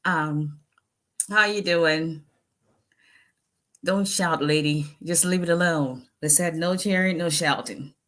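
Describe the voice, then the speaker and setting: Low-voiced Nigerian woman, tired and chatty. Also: measured pace, fairly bright tone. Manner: chatty, laughing, greets viewers by name. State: tired after a long day. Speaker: immigration attorney hosting a livestream. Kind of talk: casual livestream chat.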